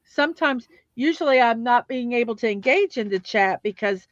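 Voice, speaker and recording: A woman chats away as she works, hosting a building livestream. She rambles and restarts her sentences. Her voice sits on the higher side, and the sound is dry and a little muffled. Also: lively intonation, moderate pace, no room sound. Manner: chatty and rambling, with fillers and restarts. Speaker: host of a building-block livestream. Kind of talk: casual livestream chat while building.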